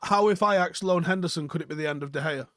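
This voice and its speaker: A man's voice: a little high, quick pace, a bit bright, no room sound, studio quality. A young man hosting a casual live stream, reading out chat comments and rambling with lots of ums and swearing. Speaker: fan channel host reading live chat.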